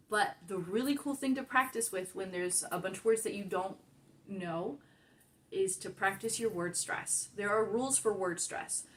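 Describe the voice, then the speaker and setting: A woman's voice: mid-range voice, fairly bright tone. A woman with an American accent leading a beginners' Spanish group, explaining word stress rules patiently and repeating key points step by step. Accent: American English. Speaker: Spanish class leader. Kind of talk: casual teaching explanation.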